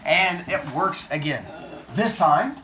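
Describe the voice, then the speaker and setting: Low-pitched woman teacher telling myths, super animated and jokey, faint noise behind. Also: slow pace, echoey room. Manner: animated, jokey, chatty asides. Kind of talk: comic storytelling of myths to a class.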